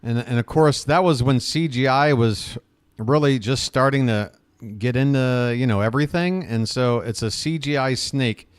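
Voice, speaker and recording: Male stream host, mid-pitched, casual and sarcastic, ranting freely over a dry, close mic. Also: moderate pace, smooth, no echo. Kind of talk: casual livestream chat.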